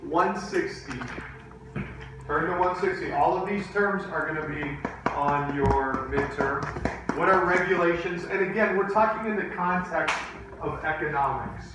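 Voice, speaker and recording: A man teaching a class, telling a story and acting out the quotes in lively voices. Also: a little high, unhurried, background noise. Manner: animated, acts out quotes in voices. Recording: echoey classroom from far off.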